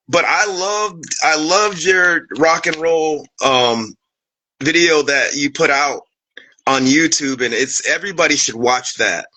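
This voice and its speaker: A man hosting an interview, excited and laughing, stumbling over his words as he introduces his guest. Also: on the high side, low-quality recording. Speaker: host.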